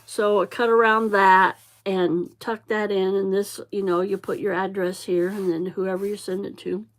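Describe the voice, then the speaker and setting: A woman's voice: mid-range voice, level tone, moderate pace. A woman chatting casually as she shows her journaling crafts, talking in a loose, meandering way. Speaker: journaling vlogger.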